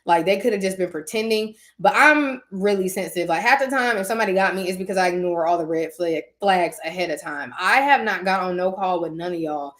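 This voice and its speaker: A woman hosting her channel, chatting casually with viewers about spiritual matters. She tells stories in an animated way and acts out her own reactions. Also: lowish voice, a little fast, hardly any pauses. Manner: uses casual slang, talks directly to listeners. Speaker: channel host talking to viewers.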